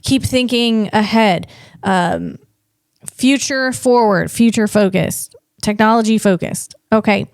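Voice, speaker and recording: A woman's voice: mid-range voice, slow pace, gravelly, clean tone, no room sound, clean studio sound. A woman hosting a solo podcast in a casual, rambling way, often correcting herself and laughing at herself. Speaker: podcast host.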